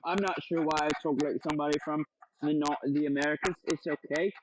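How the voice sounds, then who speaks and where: Playful young male cooking host, slightly high voice, loose and profane. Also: steady tone, fairly quick, noisy background. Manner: playful, joking, swears freely. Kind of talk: casual cooking demo.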